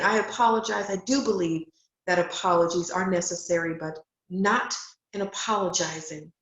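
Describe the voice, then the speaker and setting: A middle-aged woman giving a direct, emphatic motivational talk, encouraging women to stop apologizing. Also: lowish voice. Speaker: speaker and coach. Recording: roomy, slightly dull home recording.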